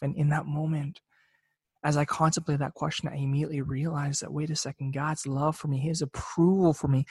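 A man's voice: fairly high pitch, husky, no echo. A young man giving an earnest, reflective personal faith testimony, often repeating words as he searches for them. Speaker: speaker sharing a faith testimony.

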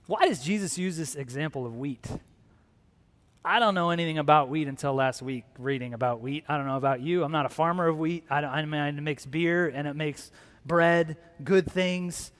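A man preaching a lively sermon to a congregation, acting out other people's voices. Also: on the high side, moderate pace. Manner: animated, acts out voices of disciples. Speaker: pastor. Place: large room with a congregation. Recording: long hall reverb.

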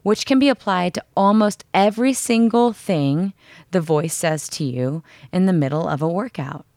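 Frank, low-voiced woman coaching. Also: normal speed, a little mellow, dry recording, clean studio sound. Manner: frank and profane, acts out inner voices. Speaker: podcast co-host. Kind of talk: casual coaching chat.

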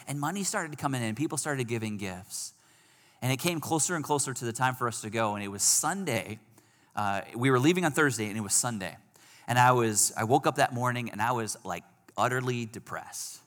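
A man preaching a sermon, telling a personal story that moves between hushed and emphatic passages. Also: medium pitch. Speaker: pastor. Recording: long hall reverb.

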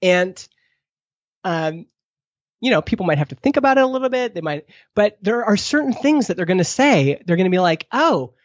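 A man's voice: expressive, brisk, no room sound. A man speaking as a podcast guest in a product marketing role, giving advice and acting out the questions he wants people to ask. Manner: acts out quoted questions, pitch jumping up. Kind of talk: animated advice-giving in conversation. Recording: dull lo-fi dry sound.

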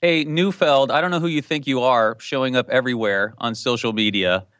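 A man's voice: medium pitch, a little fast, fairly bright tone, no echo, studio quality. A man answering listener questions on a podcast in casual, joking banter. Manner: joking, wisecracking.

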